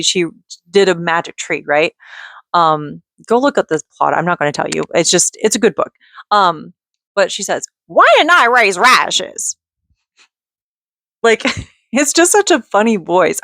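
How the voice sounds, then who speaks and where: A woman's voice: fairly low pitch, fairly bright tone, no echo. Giggly rambling woman, dry close sound. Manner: chatty, giggly, quick to go off on tangents. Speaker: vlogger and mother. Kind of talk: casual rambling rant.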